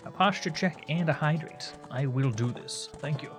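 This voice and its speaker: Playing a video game on stream from his home, a man with a slightly high voice talks at normal speed. He chats loosely with viewers and rambles while the game's music runs underneath.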